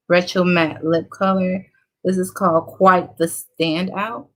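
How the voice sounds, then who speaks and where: A woman's voice: lowish voice, little pitch movement, unhurried, fairly bright tone. A woman in her thirties chatting casually to viewers during a makeup tutorial, encouraging and talkative. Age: 30s. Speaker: beauty vlogger.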